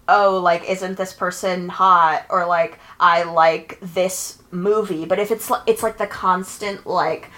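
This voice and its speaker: A woman's voice: on the low side, steady tone, slow, hardly any pauses, bright, forceful tone. A woman co-hosting a casual chat, full of fillers, sarcastic asides and frequent laughter. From New York. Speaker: podcast co-host.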